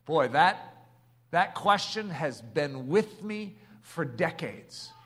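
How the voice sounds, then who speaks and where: A middle-aged man preaching a sermon, passionate and building to emphatic shouts. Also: on the high side, very animated, slow, husky.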